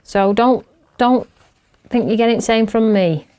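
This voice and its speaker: A woman's voice: on the high side, unhurried, a little mellow, a little hiss or hum. A middle-aged woman, chatting and laughing as she hosts a craft show while she works. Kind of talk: casual chat while crafting.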